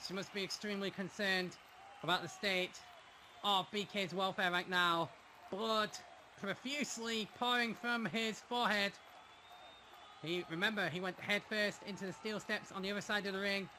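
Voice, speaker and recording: A man calling a wrestling match play by play, dramatic and quick to laugh. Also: high-pitched, fairly even intonation, pushed and bright, a little hiss or hum. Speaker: play-by-play commentator.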